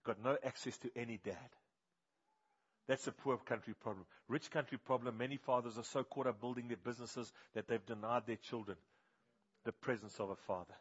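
Husky South African preacher. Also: male voice, mid-range voice, fairly even intonation, brisk, lo-fi sound. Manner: emphatic, has the congregation repeat words. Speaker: pastor. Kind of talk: sermon.

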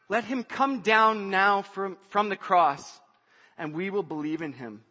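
A man preaching a sermon who moves from hushed scripture reading to shouted emphasis. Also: high-pitched, animated, a little slow. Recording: dull sound, long hall reverb, faint music.

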